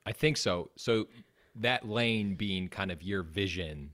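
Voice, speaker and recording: Man, Wisconsin accent, podcast host, joking questions, lowish voice. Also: takes it slowly, fairly bright tone. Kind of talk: casual podcast interview.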